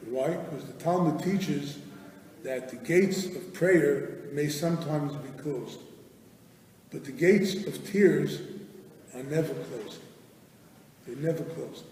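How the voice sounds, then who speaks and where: A man's voice: on the high side, dark tone. An older man giving a live Torah class as guest rabbi, telling stories with animation and acting out family dialogue, recorded in a large hall. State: hard of hearing. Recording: echoey hall from far off.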